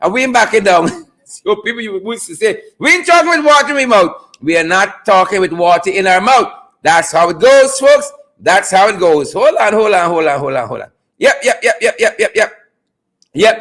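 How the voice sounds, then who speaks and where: A high, bright-voiced man hosts a live online show. He chants catchphrases, shouts out to viewers and keeps the energy loud and playful. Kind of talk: hyped live stream chat.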